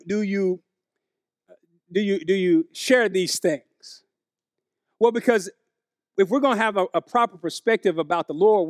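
Guy preaching, high voice, chatty and animated with the crowd, dry close sound. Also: no room sound. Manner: conversational preaching, animated, addresses congregation as y'all. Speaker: pastor. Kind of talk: sermon.

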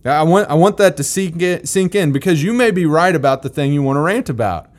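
Speaking in a brisk, expressive voice that runs a little high, this man works through a Bible passage in a plain, conversational style. He's emphatic, repeating key phrases to hammer them home.

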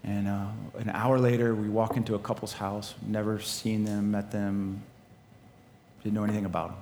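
A man preaching to a congregation in a large hall, his voice trailing into a long reverb over faint room ambience. He is animated and laughs often, swinging from loud emphatic lines to quiet, hushed storytelling. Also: on the low side, normal speed, slight background noise. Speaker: pastor. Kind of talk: sermon with personal story.

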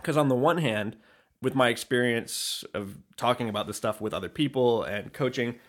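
A man's voice: medium pitch, moderate pace. A man co-hosting a podcast, chatting casually with dry teasing humor and explaining his work at length. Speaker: podcast co-host. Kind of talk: casual chat.

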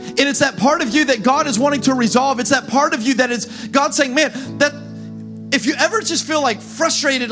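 A man preaching a sermon as pastor, talking the crowd through points and rising into fervent, shouted calls. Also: very high voice, fairly quick, music in the background.

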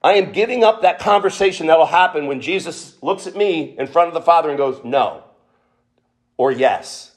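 A man's voice: fairly high pitch, animated, moderate pace. A man preaching a sermon, emphatic, asking the listeners questions and acting out quotes.

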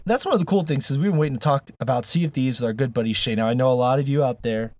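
A man's voice: mid-range voice, very fast, a little mellow, no room sound. A man hosting a gaming podcast in casual chat, joking, rambling and laughing often. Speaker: podcast host.

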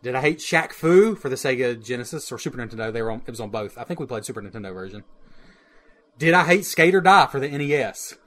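A man's voice: mid-range voice, animated, quick pace, fairly bright tone. A man hosting a casual podcast, running a quiz and laughing easily between questions. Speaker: podcast host, quiz master.

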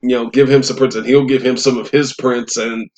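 A man co-hosting a casual podcast, telling an animated anecdote. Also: mid-range voice, brisk. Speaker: podcast co-host. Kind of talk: casual chat.

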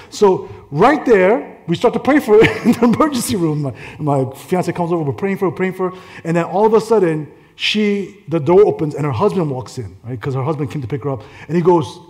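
A male pastor preaching a conversational sermon, telling stories in an animated way and laughing through them. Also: on the high side, a little fast. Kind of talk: storytelling sermon.

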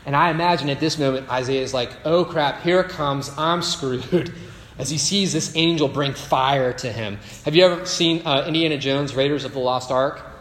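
A man's voice: mid-range voice, fairly quick, a bit bright. A male pastor preaching a sermon, telling stories and tossing in rhetorical asides. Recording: echoey hall with faint ambience.

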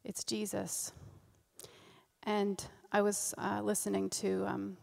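Woman, informal earnest sermon, repeats herself, gravelly, long hall reverb. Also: medium pitch, completely flat delivery, takes it slowly, darkish tone. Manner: earnest, repeats and restarts phrases. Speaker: speaker at a church service.

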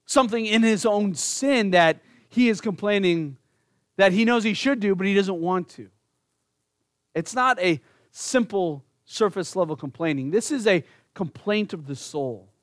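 A man's voice: high voice, a little slow, no room sound, clean studio sound. A man preaching an earnest sermon, speaking directly to his congregation and rising into pleading emphasis. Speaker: pastor.

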